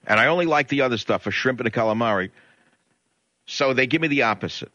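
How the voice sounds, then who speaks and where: Ranting male radio host, bright lo-fi. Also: mid-range voice, animated, dry recording. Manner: ranting, indignant, rapid storytelling. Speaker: radio talk show host. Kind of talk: talk radio monologue. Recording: dull lo-fi radio broadcast.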